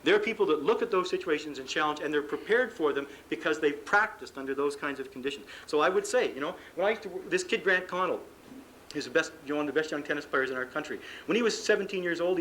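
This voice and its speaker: A Canadian man lecturing at a seminar in a bright, slightly high voice. He talks fast, acts out the athletes he describes, and keeps stumbling into restarts and repeated words. The audio is an archival recording of a live talk. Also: a little hiss or hum, poor audio. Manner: lively storytelling, acts out what athletes say. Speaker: sports psychologist giving a coaching seminar.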